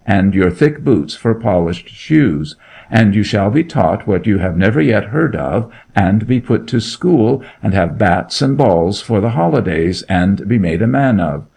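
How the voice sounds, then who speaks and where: A man playing a grim, gravelly duke. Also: on the low side, lively intonation, measured pace, a little mellow, full character voice. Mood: menacing. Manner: cold, commanding interrogation. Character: grim, menacing nobleman, a middle-aged duke.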